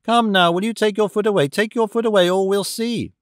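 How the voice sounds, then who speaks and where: A man's voice: sits high, expressive, moderate pace, dry recording, studio quality, pitched above the performer's own voice. A man doing a pleading little boy. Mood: insistent. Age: about ten (figure). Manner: pleading, growing insistent. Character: small pleading boy street musician.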